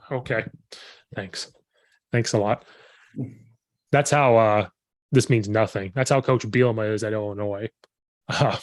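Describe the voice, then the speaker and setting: A lively man with a slightly hoarse voice, talking shop on his podcast and acting out his own stories with quick laughs. His voice sits at an ordinary middle pitch, and he sounds close and dry, with no room around him. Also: no echo. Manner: animated storyteller, quotes himself, laughs often. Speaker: podcast host and football coach. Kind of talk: casual chat.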